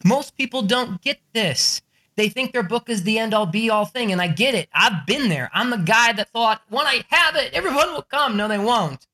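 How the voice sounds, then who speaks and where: A book business coach addresses a group of authors in an animated, profane storytelling talk about the business side of their books. He swears freely and acts out the people he quotes in a raised voice. His voice is high, expressive and sharp, at a moderate pace.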